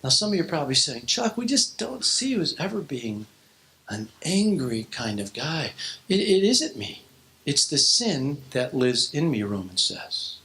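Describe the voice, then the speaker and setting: A man's voice: fairly high pitch, very animated, unhurried, sharp tone. An older man preaching a joking, theatrical youth sermon. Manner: joking, theatrical, exaggerated shifts in delivery. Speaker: youth speaker.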